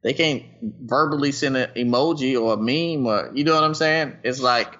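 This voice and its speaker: A man's voice: mid-range voice, normal speed, bright, forceful tone. A man chatting casually at home on a group call, loose and rambling, full of slang and swearing. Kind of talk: casual profane group chat. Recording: dull lo-fi call audio.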